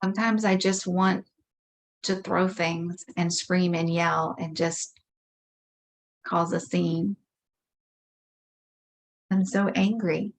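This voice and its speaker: Woman, low flat voice, unhurried guided tapping script, measured repeated phrases. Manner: slow, measured affirmations voicing frustration. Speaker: EFT tapping practitioner.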